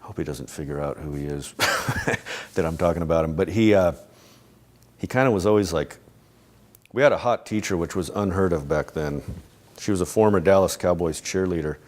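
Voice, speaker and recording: A middle-aged man in an interview, talking casually and rambling, often restarting his sentences and laughing softly. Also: low voice, normal speed. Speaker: interviewee, animation creator. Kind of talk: casual reflective interview talk.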